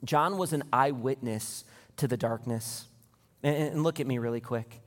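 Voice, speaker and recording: A man preaching a sermon to his church, building to an impassioned, near-shouting pitch as he retells scenes. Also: normal speed. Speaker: pastor. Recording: long hall reverb.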